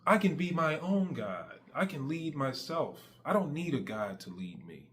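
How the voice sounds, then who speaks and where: A man's voice: fairly high pitch, big pitch swings, a little slow, a bit bright. A man giving a casual, slangy faith testimony straight to his audience, emphatic and conversational. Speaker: faith vlogger.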